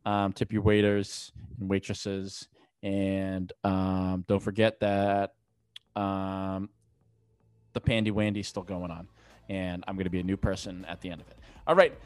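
A man's voice: low-pitched, little pitch movement, unhurried, a little mellow, clear, resonant tone. A man co-hosting a podcast in casual, crude, rambling chat, sleepy and full of fillers. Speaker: podcast co-host.

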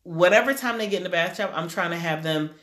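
A chatty parent tells bedtime stories in a loose, laughing way, with lots of "like" running through the talk. The pitch sits in a middle range. The voice rings a bit in a roomy space. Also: fast talker. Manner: animated, peppered with "like", laughing storyteller. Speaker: parent sharing bedtime struggles. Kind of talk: casual chat. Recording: roomy echo.

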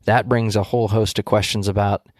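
A man's voice: lowish voice, steady tone, fairly quick, a little mellow, no echo, studio quality. A man co-hosting a casual Bible study discussion, explaining passages in a thoughtful, searching way with frequent restarts.

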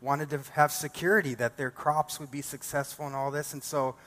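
A man's voice: on the high side, flat delivery, fairly quick, fairly bright tone. A male pastor preaching a sermon, building emphatic repeated declarations.

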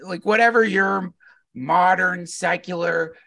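A man, a podcast guest, telling a heartfelt personal story in an animated, earnest way and often laughing. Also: sits high, takes it slowly, creaky, no echo, distant mic. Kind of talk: casual storytelling conversation.

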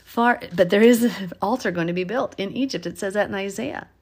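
A woman's voice: medium pitch, a little fast, husky. Chatty woman teaching a Bible study. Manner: chatty, laughs often, animated when stressing a point. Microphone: phone.

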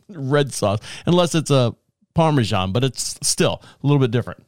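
A middle-aged man rambles through a casual podcast monologue, poking fun at himself with easy swearing and laughter. His voice sits at an ordinary middle pitch, recorded close and dry with no room sound. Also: animated, normal speed, dry recording. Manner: rambling, self-mocking, swears and laughs often. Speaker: podcast host. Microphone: podcast mic, also filmed.

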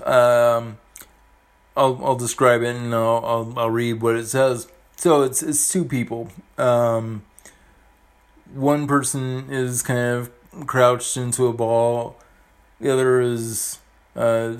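A man in his forties talking earnestly and gently to the camera, halting often and restarting his sentences, with soft emotional laughs. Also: medium pitch. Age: 40s. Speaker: vlogger. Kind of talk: heartfelt personal talk to camera.

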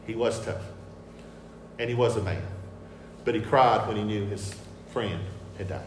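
A man preaching a sermon with picture slides, emphatic and repetitive, shifting between soft asides and loud declarations. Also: medium pitch, animated, normal speed, slight background noise. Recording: echoey hall with faint ambience.

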